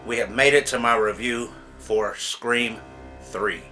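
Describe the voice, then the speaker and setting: A man's voice: medium pitch, takes it slowly, pushed and bright, faint music behind. A man hosting a casual movie review vlog, frank and exasperated, chatting in a loose, talky way. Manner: frank, exasperated, chatty with repeated "you know what I'm saying". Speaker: movie reviewer, channel host.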